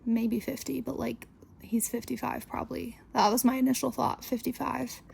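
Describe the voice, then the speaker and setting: A woman's voice: a little high, level tone, moderate pace, creaky, darkish tone, slight background noise. A young woman hosting a podcast, telling a story casually in a chatty, exasperated way, full of "like". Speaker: podcast host.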